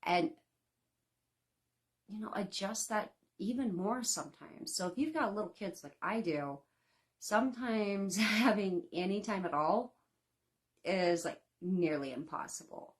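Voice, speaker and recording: A woman in her thirties talks to her online class from home in a loose, folksy way, full of fillers and easy asides. Her pitch sits in the middle range, and her chat rambles along like she's talking to friends. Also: measured pace. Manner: chatty, folksy, frequent laughs and fillers. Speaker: baking instructor. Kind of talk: casual live-class talk.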